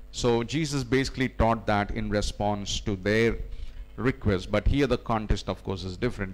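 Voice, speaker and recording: A man as pastor giving a teaching sermon, explaining scripture step by step with frequent "you know" fillers. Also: mid-range voice.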